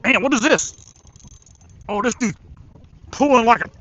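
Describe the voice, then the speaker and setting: A man streaming a fishing tournament live from a riverbank, chatting excitedly and talking to the fish he reels in. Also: very high voice, unhurried, no room sound. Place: outdoors by a river.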